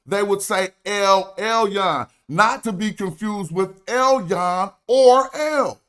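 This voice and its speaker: A young man with a notably high voice lectures on his stream, pressing his points hard and reading passages aloud from his notes. He talks in an emphatic, argumentative way, like someone out to prove a case. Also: slow, fairly bright tone, clear, resonant tone. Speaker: stream host. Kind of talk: livestream lecture.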